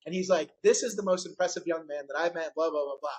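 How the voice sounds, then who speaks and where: Guy hosting a podcast, lively storyteller, does all the voices in his anecdotes. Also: on the high side, fast, rough recording. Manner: animated storyteller, acts out quotes. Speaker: podcast host. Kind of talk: casual interview chat.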